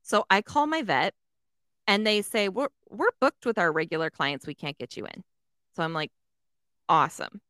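A woman's voice: mid-range voice, animated, normal speed, a bit bright, dry recording, studio quality. A woman telling a story in casual chat, swearing often, filling with "like" and acting out the other voices. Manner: swears a lot, fills with "like", acts out voices.

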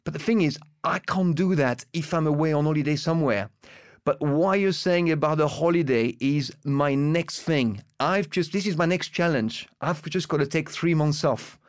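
A man with a French accent chats as co-host, his voice smooth and clear and pitched a touch high. He speaks earnestly and in a reflective way, letting his thoughts run on in long musing stretches. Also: moderate pace. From France. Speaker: podcast co-host. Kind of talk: casual chat.

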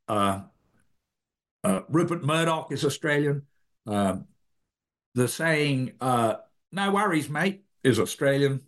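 Lively-pitched man explaining patiently. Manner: measured and explanatory, self-correcting mid-sentence. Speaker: author and guest. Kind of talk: explaining ideas in an interview.

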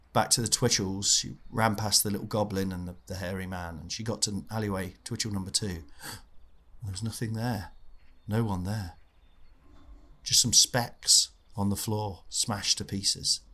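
Rambling deadpan male storyteller. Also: fairly low pitch. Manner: meandering, deadpan, keeps adding forgotten details. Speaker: comedian guest.

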